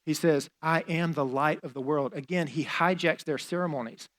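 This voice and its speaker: A man's voice: on the high side, moderate pace, a bit bright. A man preaching a sermon as a pastor, in a conversational style with fillers and casual asides.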